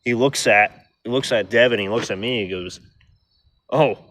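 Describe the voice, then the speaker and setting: Middle-aged man, lowish edgy voice, swears a lot, rambles through a casual story. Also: fairly quick, fairly bright tone. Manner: rough, profane, rambling delivery. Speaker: vlogger telling a story.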